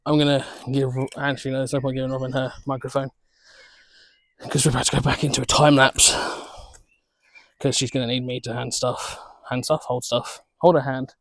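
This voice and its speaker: A man's voice: medium pitch, flat delivery, fairly quick, no room sound. A young man, chatting casually to camera in a home vlog, joking and laughing as he goes. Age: young adult. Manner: chatty, jokey, laughs often. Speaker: vlogger.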